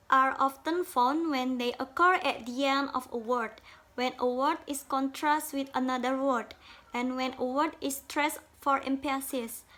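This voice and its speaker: A woman's voice: sits high, bright, forceful tone. A woman giving a carefully read presentation on syllables, speaking in English that is not her first language. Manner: slow, careful, reads from notes, non-native English grammar. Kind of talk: reading a phonology presentation.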